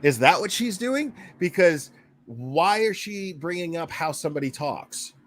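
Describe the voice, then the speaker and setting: A man's voice: a little high, expressive, measured pace. A man hosting a casual reaction commentary, swearing freely, laughing and stammering through restarts. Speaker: YouTube commentary host.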